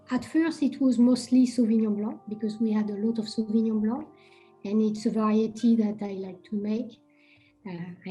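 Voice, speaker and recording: A woman's voice: fairly high pitch, mellow, rough recording. A woman from France with a French accent, a winemaker presenting at a virtual wine tasting over a video call, speaking carefully with frequent ums.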